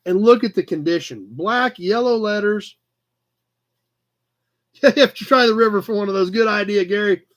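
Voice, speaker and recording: A man running a casual livestream auction and chatting easily with his viewers. His voice sits very high for a man and sounds bright and forward. He keeps an upbeat, talky flow as he reads out bids. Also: moderate pace, long pauses. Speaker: live auction host.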